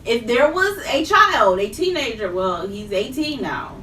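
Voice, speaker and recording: A woman co-hosting a podcast in casual chat, asking pointed questions and reacting quickly. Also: fairly high pitch, very animated, pushed and bright, a little hiss or hum. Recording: echoey room mic from a distance.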